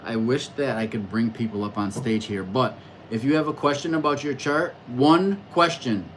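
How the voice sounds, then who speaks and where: A man at an ordinary, mid-range pitch hosts a casual livestream, thinking aloud and rambling. He stammers through restarts and addresses his viewers loudly and excitedly. A faint air conditioning hum runs underneath. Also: moderate pace, low-quality recording. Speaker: livestream host reading astrology charts.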